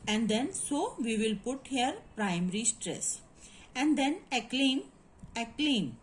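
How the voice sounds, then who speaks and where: Teacher lady, highish voice, lots of uh and restarts, walking thru stress marks. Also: animated, a little hiss or hum, poor audio. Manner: halting, repetitive explaining with many fillers; switches into Hindi asides. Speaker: English literature teacher. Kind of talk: classroom lecture on word stress.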